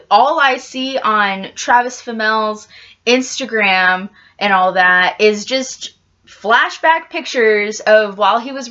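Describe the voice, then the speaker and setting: A woman's voice: fairly high pitch, sharp tone, highs cut off. A woman vlogger chatting casually to camera, rambling with lots of "like" and the odd casual swear.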